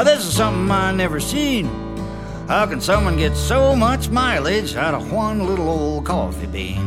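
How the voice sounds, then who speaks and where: A man reciting cowboy poetry and singing, with a lively drawl. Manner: lively drawl with broad swings of pitch. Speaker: cowboy poet and singer. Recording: dry studio recording with guitar.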